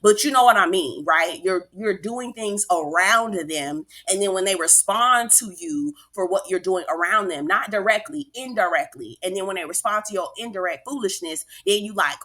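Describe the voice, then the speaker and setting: A woman's voice: mid-range voice, animated, moderate pace, few pauses, bright, forceful tone. A woman giving a sassy, emphatic casual recap of a reality show, talking straight to her viewers. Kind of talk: casual commentary vlog.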